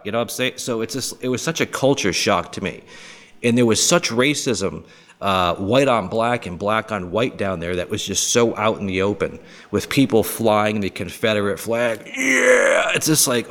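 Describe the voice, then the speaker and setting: Low-voiced man riffing crudely. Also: fairly bright tone. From Boston area, US. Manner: rambling, crude, jokey, puts on mocking voices. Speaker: podcast host. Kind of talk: casual monologue.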